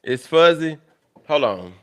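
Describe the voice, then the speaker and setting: A man's voice: fairly high pitch, big pitch swings, slow pace. A young man hosting a livestream, chatting casually with viewers in a blunt, profane, exasperated way. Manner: blunt and profane, loud and exasperated, swearing at tech trouble. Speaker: livestream host.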